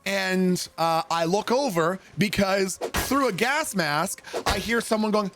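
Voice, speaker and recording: A young man streaming a game, telling a story in a loose, animated way and swearing freely. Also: very high-pitched, a little fast, hardly any pauses, slight background noise. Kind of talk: casual storytelling while gaming.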